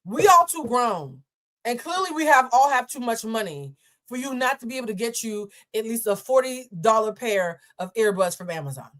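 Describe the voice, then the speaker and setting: A woman's voice: a little high, animated, normal speed, a bit bright. A woman from Boston hosting a live stream, reacting bluntly and profanely to a viral clip and laughing often. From Boston, USA.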